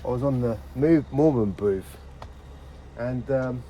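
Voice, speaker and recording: A man's voice: medium pitch, slow pace, mellow, slight background noise, low-quality recording. A man, a window cleaner rambling casually to camera while working outdoors. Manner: chatty, rambling storytelling. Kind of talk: casual on-the-job rant to camera. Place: outdoors on a street job.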